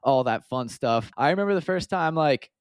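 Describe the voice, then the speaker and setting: A man's voice: a little high, animated, normal speed, clear, resonant tone, no room sound, clean studio sound. A young American man, a podcast guest, chatting casually and telling upbeat stories. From United States. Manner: upbeat, storytelling, drops quoted asides. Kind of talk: casual chat.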